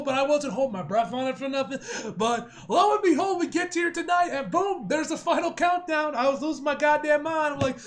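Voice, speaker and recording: A young man giving an excitable, slangy wrestling review, laughing and swearing often. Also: extremely high pitch, fast talker. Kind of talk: casual video review.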